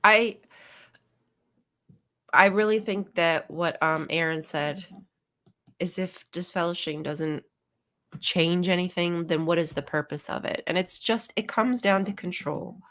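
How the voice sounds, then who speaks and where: Casting: low-pitched woman, loose filler-heavy podcast chat. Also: unhurried, pauses often, fairly bright tone. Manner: chatty, frequent "like" and "um" fillers. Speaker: podcast co-host.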